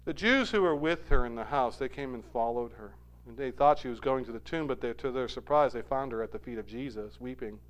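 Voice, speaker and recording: With a medium-pitched voice and a fairly quick delivery, a man preaches, building to loud emphatic highs and falling back to hushed asides. Quoted lines get acted out with emotion.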